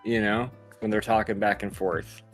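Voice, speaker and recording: A man's voice: fairly low pitch, flat delivery, moderate pace, faint music behind. A man co-hosting a casual podcast, talking in a sarcastic, critical way. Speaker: podcast co-host. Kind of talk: casual chat.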